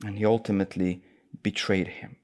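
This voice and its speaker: A man's voice: fairly low pitch, little pitch movement, a little fast, darkish tone. A man preaching an expository sermon, citing scripture references in an earnest, emphatic cadence.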